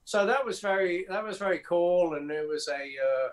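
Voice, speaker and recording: A man with a slightly high voice recounts his studio days in a relaxed interview. He rambles with fillers and quick restarts as he talks. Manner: anecdotal, acts out quotes, many fillers and restarts. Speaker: record producer guest. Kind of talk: casual interview storytelling.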